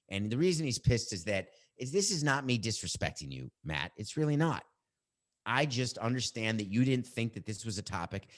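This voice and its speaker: A middle-aged man hosting a sports podcast, giving his opinions in a combative, animated way and bantering with his producer. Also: on the low side.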